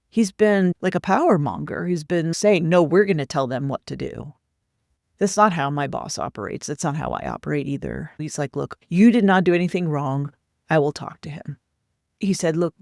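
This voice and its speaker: A woman's voice: fairly low pitch, no echo, clean studio sound. Candid woman coach telling a story. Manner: candid, animated retelling with quoted dialogue. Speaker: career coach. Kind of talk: personal storytelling monologue.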